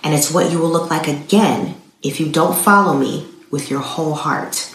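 Gentle, patient Jesus teaching calmly, read by a woman, roomy sound. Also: low voice, normal speed, lightly acted. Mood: solemn. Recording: roomy echo.

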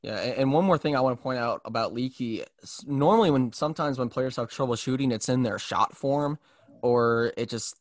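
A man's voice: mid-range voice, no echo. Young man, dry close sound. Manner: halting, frequent restarts. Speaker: podcast host. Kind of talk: casual sports chat.

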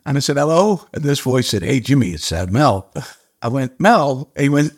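An older man, an actor guest, telling a story casually in a halting way, with restarts and the odd casual swear. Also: mid-range voice, lively intonation, breathy edge.

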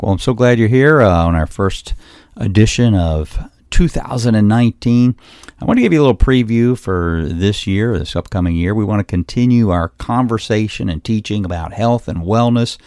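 A man's voice: lowish voice, a little mellow, no echo, studio quality. A man in his fifties hosting a health podcast, teaching in an earnest way and listing points one by one. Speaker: podcast host, chiropractor. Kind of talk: solo health podcast talk.

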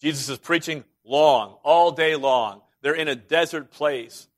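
A man preaching a sermon, emphatic, swinging between loud, urgent passages and hushed ones. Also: fairly high pitch, a little slow.

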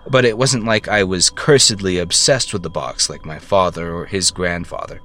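A man telling a first-person story, narrating in a halting way with stammered self-corrections. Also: sits low, sharp tone.

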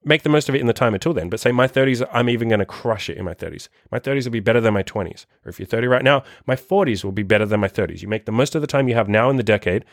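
A man's voice: medium pitch, rapid-fire, hardly any pauses, dry recording, clean studio sound. A man in his thirties hosting a dating-coach podcast, giving a blunt, profane motivational rant. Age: 30s. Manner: profane, forceful, rambling.

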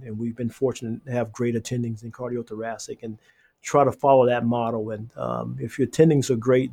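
A man in his fifties, a hospital reading room coordinator, answering podcast interview questions in an earnest, halting way with many restarts. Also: mid-range voice, gravelly, darkish tone, slightly rough.

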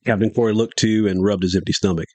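Folksy low-voiced male storyteller. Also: steady tone, fast talker, a little mellow, dry recording. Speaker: podcast host and storyteller. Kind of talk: storytelling podcast.

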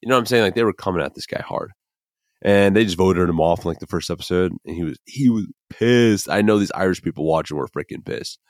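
A man's voice: deep voice, fast talker, a little mellow, no echo, clean studio sound. A young man from the American Midwest hosting a podcast, rambling in casual, emphatic commentary full of fillers and the odd curse word. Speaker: podcast host.

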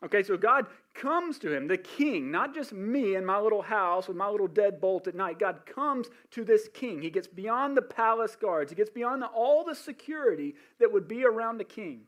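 Male pastor with a high voice, animated sermon storyteller. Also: moderate pace, few pauses. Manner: animated storytelling with frequent restarts and asides.

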